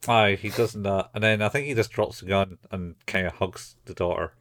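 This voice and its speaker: A man with a fairly low voice talks through a show on a casual podcast. The sound is dry and close, and he keeps an easy, plain-spoken manner. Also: moderate pace, no room sound. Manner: relaxed, plain-spoken, mild swearing. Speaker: podcast co-host. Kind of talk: casual anime recap chat.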